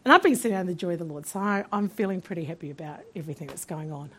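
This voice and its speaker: A woman preacher telling a testimony from the pulpit, animated and laughing often as she acts out the voices in her story. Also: lowish voice, rapid-fire, a little hiss or hum.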